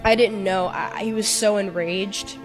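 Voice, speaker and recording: A woman recounting a painful experience in a halting, tearful way, often restarting her sentences. Her voice sits at a middle pitch. Faint music plays under her. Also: fairly even intonation. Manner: tearful, halting, repeats herself. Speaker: podcast guest. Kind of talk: emotional personal account.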